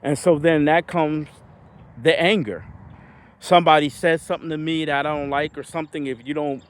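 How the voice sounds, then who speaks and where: A man talking through his feelings in a reflective personal vlog, halting and searching for words. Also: a little high, fairly even intonation, smooth. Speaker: vlogger.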